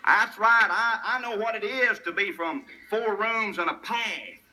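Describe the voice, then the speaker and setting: Older Southern man with a West Tennessee twang, raised-pitch and bright, spinning homespun jokes. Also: unhurried, a faint crowd, slight background noise, low-quality recording. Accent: Southern US, rural West Tennessee. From Tennessee, USA. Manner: tall-tale humor, chuckling at his own punchlines. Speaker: storyteller. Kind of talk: folksy humorous storytelling.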